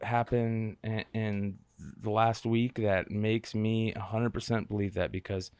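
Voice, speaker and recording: A man as a podcast guest in casual chat, speaking haltingly with many fillers and restarts. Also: lowish voice, level tone, darkish tone, clear, resonant tone, dry recording.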